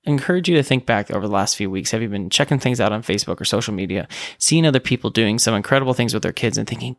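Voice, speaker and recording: A man's voice: fairly low pitch, fast talker, no echo. A man hosting a podcast, talking casually on his own with fillers and self-corrections. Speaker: podcast host. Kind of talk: casual solo podcast talk.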